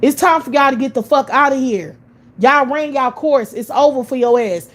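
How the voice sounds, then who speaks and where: A woman's voice: sits high, normal speed. A woman from the United States delivering a profane, scornful rant full of repeated rhetorical questions. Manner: scornful, repetitive rhetorical questions, heavy swearing. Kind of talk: profane ranting monologue.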